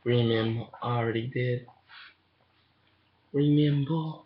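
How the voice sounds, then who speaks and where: A man's voice: medium pitch, steady tone, takes it slowly, slight background noise. A man chatting crudely on a webcam, cursing and rambling. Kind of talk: casual chat. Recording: dull lo-fi webcam audio.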